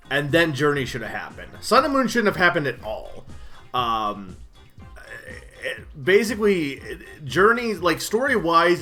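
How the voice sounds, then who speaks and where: A man's voice: mid-range voice, pushed and bright. A man streaming a game and chatting casually, rambling with lots of fillers and self-deprecating asides. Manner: rambling, full of um and like, laughs at himself. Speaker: gaming streamer. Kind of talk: casual let's-play commentary.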